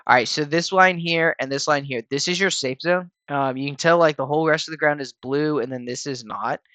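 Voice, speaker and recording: Relaxed, rambling man narrating a game walkthrough. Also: on the high side, a little fast, no room sound. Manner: relaxed and rambling, with frequent fillers and restarts. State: tired, yawning. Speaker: gaming channel host explaining a raid. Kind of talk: casual gameplay walkthrough voice-over.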